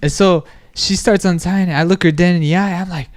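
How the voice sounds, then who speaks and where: A man telling a story on a podcast in casual chat, animated and constantly checking in with the listener. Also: high voice, a little fast. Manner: animated storytelling, constant "you know what I mean".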